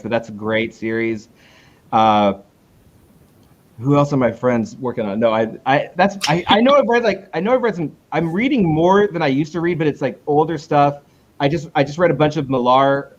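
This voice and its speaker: A man who creates comic books chats casually in an interview, wandering off track, restarting himself, and rising in pitch as he retells past conversations. The recording is muffled.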